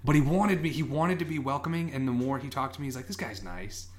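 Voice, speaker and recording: A man on a podcast, his voice a little high and his pace quick, tells a meandering story in a casual way. As a co-host, he often acts out what others said along the way.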